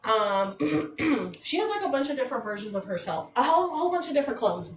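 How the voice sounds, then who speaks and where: A woman with a slightly high voice talks in a loose, rambling way on a phone livestream, filling her sentences with "like". Her voice bounces around an echoey room at home, with a faint hiss underneath. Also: very animated, quick pace. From San Diego, California. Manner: rambling, conversational, uses "like" often. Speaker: livestream host. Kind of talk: casual livestream chat. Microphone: phone mic.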